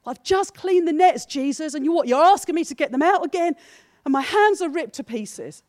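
A woman's voice: high voice, lively intonation, moderate pace, a little mellow, no room sound, clean studio sound, voice pushed up. A woman voicing the fisherman Peter, exhausted and complaining after a long night's work. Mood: exasperated. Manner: exasperated, complaining. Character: weary disappointed fisherman Peter, adult man.

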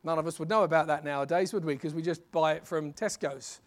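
A preacher delivers a sermon in an animated, conversational way, like telling a story. His voice sits high for a man. He moves freely between asides and direct appeals to his listeners. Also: fast.

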